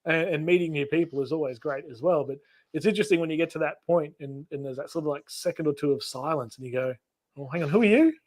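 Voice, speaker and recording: Speaking at a quick pace with a steady tone, this fairly high-pitched man is an Australian channel host running a relaxed live stream chat. He laughs a lot and plays out small dialogues while telling stories.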